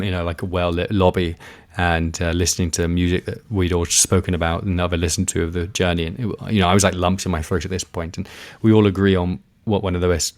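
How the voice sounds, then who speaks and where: A man with a very low voice tells expedition stories in a loose, rambling way, full of fillers and restarts. The sound is dry and close, with no room around him. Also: no room sound. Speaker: guest, expedition kayaker. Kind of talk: casual interview storytelling.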